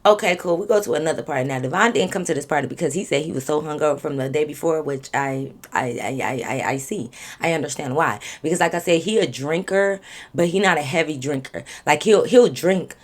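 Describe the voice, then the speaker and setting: A woman in her twenties telling a candid, profane story to her viewers in a casual, animated way. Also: low-pitched, fairly quick. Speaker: vlogger.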